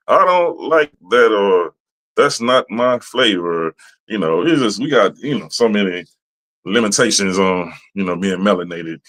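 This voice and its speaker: A man's voice: on the low side, poor audio. Rambling, profane male podcast host. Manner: profane, rambling, animated storytelling with mimicked voices. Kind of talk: casual monologue.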